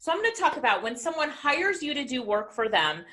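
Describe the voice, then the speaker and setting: A woman business coach giving an energetic motivational talk and asking the audience questions. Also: high-pitched, fairly quick.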